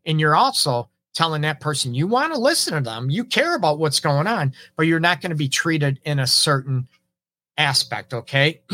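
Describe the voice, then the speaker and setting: A man's voice: on the high side, bright, forceful tone. A middle-aged man, a relationship counselor hosting an advice talk, speaking conversationally and often checking in with "right?" while acting out example phrases. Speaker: relationship counselor and show host. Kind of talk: casual advice monologue.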